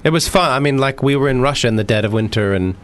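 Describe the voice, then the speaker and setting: A man's voice: medium pitch, quick pace. A man being interviewed as a guest, easygoing and joking. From United States. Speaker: actor guest. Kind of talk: casual interview chat.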